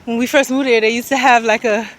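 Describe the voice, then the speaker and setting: Breathless woman, walking vlog, rambling, slightly high voice, loud street traffic behind. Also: steady tone, fast. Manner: rambling, thinking aloud, frequent laughs. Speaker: vlogger. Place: outdoors on a city street with traffic. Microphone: handheld camera while walking. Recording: street noise and passing traffic. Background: traffic and street ambience.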